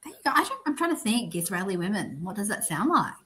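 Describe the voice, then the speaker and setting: A woman's voice: mid-range voice, very animated, quick pace, a bit bright. A woman, hosting a casual livestream chat and laughing often. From Australia. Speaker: podcast host.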